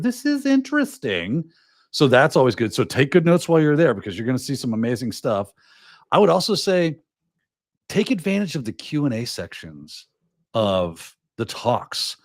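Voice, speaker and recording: Clean, dry studio sound captures this podcast host's mid-range voice. On his casual live show he hands out advice with animation, playing out short scenes in quoted voices along the way.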